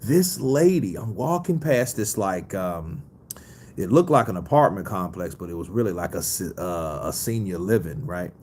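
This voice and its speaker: A man's voice: sits low, lively intonation, moderate pace, darkish tone, a little hiss or hum. A man hosting a casual boxing livestream, reading viewer comments in a loose, profane way and laughing easily. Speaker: boxing news host.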